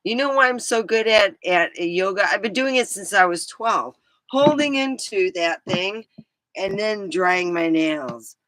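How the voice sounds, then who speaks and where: A middle-aged woman vlogging in a rambling, casual chat, scattered and quick to laugh. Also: medium pitch, lively intonation, fairly bright tone. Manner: chatty, scattered, laughs a lot.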